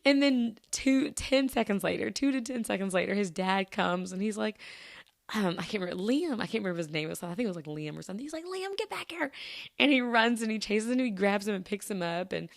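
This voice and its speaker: A woman's voice: mid-range voice, fast, creaky, dry recording, studio quality. A woman hosting a solo podcast, chatting casually and rambling through everyday stories with lots of restarts. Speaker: podcast host.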